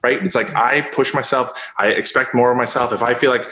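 A man's voice: mid-range voice, fairly even intonation, a little fast, bright, forceful tone. Rambling encouraging man, roomy sound. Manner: loose, rambling, full of "like". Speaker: guest speaker. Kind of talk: casual interview talk.

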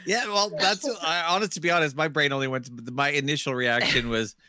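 A man's voice: fairly high pitch, fairly even intonation, brisk, bright, forceful tone, smooth, dry recording, studio quality. A man co-hosting a comedy podcast in casual banter, often restarting his sentences and chuckling. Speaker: podcast co-host.

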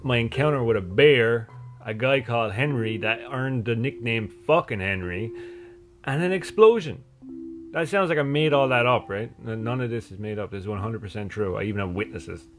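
A man's voice: mid-range voice, normal speed, soft background music. A man with an Irish accent, hosting a podcast and telling a profane comic story in a chatty way, full of "right?" asides and sudden bursts of emphasis. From Ireland. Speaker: podcast host.

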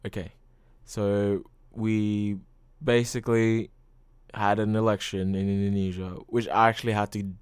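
A young man talks through a casual solo podcast in a smooth, resonant, fairly low voice. He rambles freely, leans on filler words and swears often. The sound is dry and close, with no room around it. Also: level tone, measured pace, dry recording. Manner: rambling, full of "like" and frequent swearing. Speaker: podcast host.

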